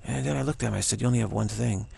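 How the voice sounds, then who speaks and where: Gravelly husky man, halting and rambling. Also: lowish voice, darkish tone. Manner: rambling, repeats himself, halting restarts. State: sore throat. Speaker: spiritual teacher. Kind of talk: casual spoken reflection.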